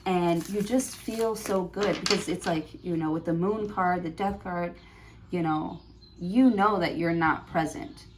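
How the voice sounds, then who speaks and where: A woman's voice: fairly low pitch, a little slow, slight background noise. A woman giving a prerecorded tarot reading, thinking aloud with many fillers and restarts. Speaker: tarot reader.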